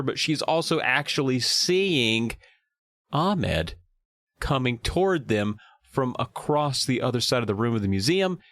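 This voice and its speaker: A man's voice: mid-range voice, a bit bright, no echo, clean studio sound. A man co-hosting a podcast, retelling the plot in casual, storytelling chat. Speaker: podcast co-host. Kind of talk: casual chat recapping a book.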